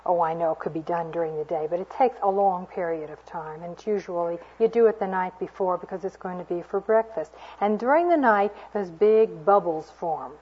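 A woman's voice: on the low side, brisk, few pauses, husky. A woman giving an earnest, storytelling sermon to a women's gathering, with homely asides. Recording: dull lo-fi recording.

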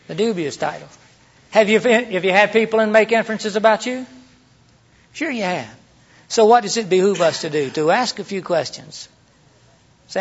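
A man's voice: on the high side, expressive, moderate pace, husky. A middle-aged man preaching in a conversational way, asking rhetorical questions and acting out quoted lines. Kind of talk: sermon teaching. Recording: dull lo-fi sermon recording.

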